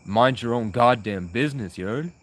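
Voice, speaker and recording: A man acting out a territorial street man who yells strangers away in a profane, aggressive bark. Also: medium pitch, moderate pace, lightly acted. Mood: angry.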